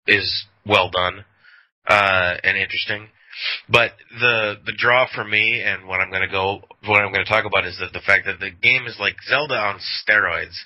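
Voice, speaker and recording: A man's voice: lowish voice, bright, forceful tone. A man co-hosting a podcast, chatting casually and rambling, laughing often. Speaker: podcast co-host. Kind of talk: casual chat. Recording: dull lo-fi audio.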